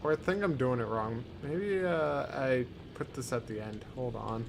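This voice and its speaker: A man's voice: mid-range voice, normal speed, gravelly, noisy background. A man giving casual gameplay commentary, easygoing and muttering to himself with plenty of fillers. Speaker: gaming channel host.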